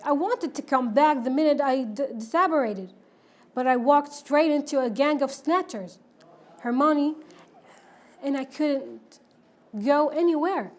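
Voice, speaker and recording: A woman's voice: sits high, unhurried. A woman reading as a sheepish teenage boy wizard. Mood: pleading.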